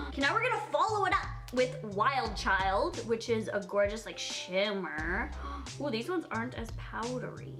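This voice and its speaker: A woman's voice: fairly high pitch, sing-song, a little slow, over music. A young woman filming a casual makeup tutorial, bubbly and gushing, often giggling. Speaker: beauty vlogger.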